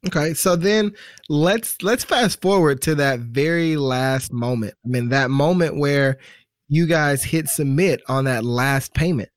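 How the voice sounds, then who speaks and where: A man's voice: fairly high pitch, measured pace, no room sound, studio quality. A man hosting a podcast who guides his guest through her story with questions. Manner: leads with questions. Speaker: podcast host. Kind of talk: interview questions.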